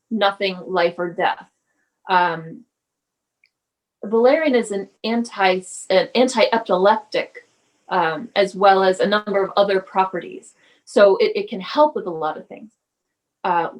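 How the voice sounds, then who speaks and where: A woman, a mother and herbalist guest, speaks in a measured way with frequent ums and grows animated while telling a personal story. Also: medium pitch, poor audio. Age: adult parent of school-age son. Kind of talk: casual interview storytelling.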